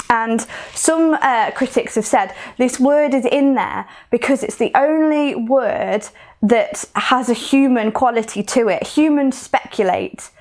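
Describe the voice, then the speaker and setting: A woman with a Coventry accent leading a recorded poetry lesson, explaining in a chatty way with fillers and restarts. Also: on the high side. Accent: Coventry English. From Coventry, England. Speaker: poetry workshop leader.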